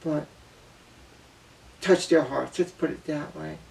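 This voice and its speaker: A man's voice: on the high side, fairly even intonation, takes it slowly, gravelly, a little mellow. A man giving an earnest, emotional personal monologue as a vlogger, often repeating himself and apologizing. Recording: voice distant from the mic.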